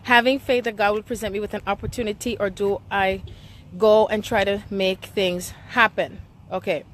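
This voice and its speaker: Woman, spiritual reader on a live stream, emotional and earnest, mid-pitched, faint hiss behind. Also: fairly even intonation, normal speed. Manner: emotional, repeats "okay?" often.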